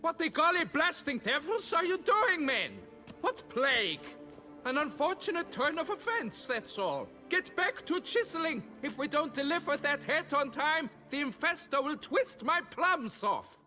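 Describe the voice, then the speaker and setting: Game role: shrill, excitable, penny-pinching foreman, fussy and wheedling. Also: a little slow, faint music behind, exaggerated voice. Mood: flustered. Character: flustered, stingy middle-aged male quarry foreman. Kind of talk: video game dialogue.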